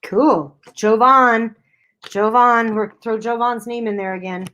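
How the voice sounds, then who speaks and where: A woman's voice: on the high side, steady tone, takes it slowly, bright, forceful tone. A woman co-hosting a giveaway livestream, chatting casually and laughing often. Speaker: co-host.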